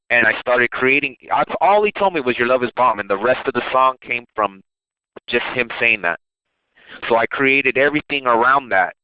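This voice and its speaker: A man's voice: mid-range voice, animated, normal speed, clear, resonant tone, no room sound, phone-quality sound. A man, a rapper and producer, telling stories about his songs in a loose, rambling interview. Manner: loose, rambling, with restarts and laughs. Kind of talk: casual interview storytelling.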